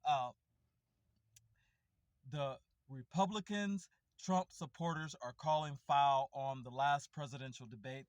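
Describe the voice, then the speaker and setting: A man's voice: on the high side, no room sound. A man hosting a casual news break, breezy and sardonic, with plenty of fillers. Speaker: news show host.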